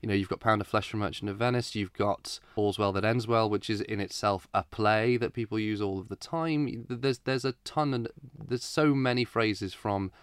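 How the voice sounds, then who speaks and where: A man's voice: lowish voice, normal speed, few pauses, clear, resonant tone, no echo, studio quality. A middle-aged British man, a theatre director, chatting as a guest in a radio interview and laughing now and then. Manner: chatty, laughs often, restarts.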